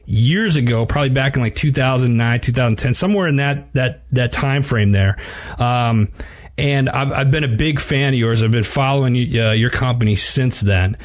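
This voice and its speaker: A man's voice: medium pitch, moderate pace. Upbeat, chatty male podcast host. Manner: upbeat and chatty with many fillers. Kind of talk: casual podcast hosting.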